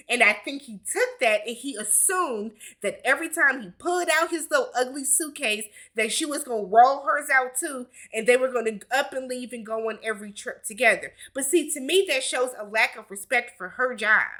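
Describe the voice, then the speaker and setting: Woman with a drawl, high and bright, blunt and salty reality-TV recapper. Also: expressive, moderate pace. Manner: blunt, exasperated, profane commentary. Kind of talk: casual opinionated recap.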